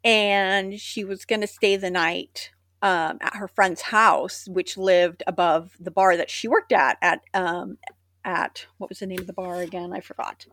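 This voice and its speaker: A woman's voice: on the low side, steady tone, unhurried, fairly bright tone, dry recording. A young adult woman co-hosting a podcast, chatting casually and reading an old news article aloud with sarcastic asides. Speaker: podcast co-host.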